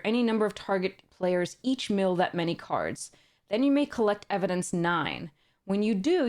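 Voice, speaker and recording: A woman narrates opening a box of cards in a loose, unscripted manner, reading the card text aloud in a medium-pitched voice. She chuckles a lot, stumbles over words, and restarts sentences.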